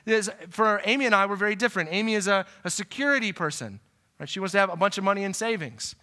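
A middle-aged man preaching a sermon in a conversational way, often checking in with "right?" and moving between loud emphasis and quiet asides. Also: high-pitched, expressive, quick pace. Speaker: pastor.

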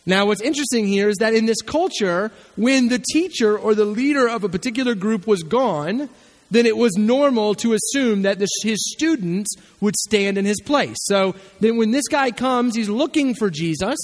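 A man's voice: high-pitched, animated, normal speed, in a large hall. A male pastor preaching a sermon, telling the story with animation and acting out the voices of the people in it.

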